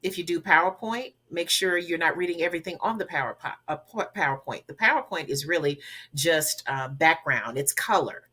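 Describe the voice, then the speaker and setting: A woman's voice: deep voice, expressive, brisk, bright, forceful tone, slightly rough. A woman from the Southern United States, a guest who coaches public speaking, giving emphatic advice in a podcast interview. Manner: emphatic and instructive, repeats key words.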